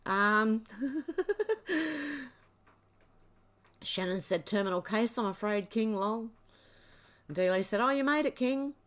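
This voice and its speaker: A woman's voice: medium pitch, moderate pace, a bit bright. A woman hosting a livestream, chatting casually and laughing often as she reads viewer comments aloud. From Australia. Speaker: livestream host.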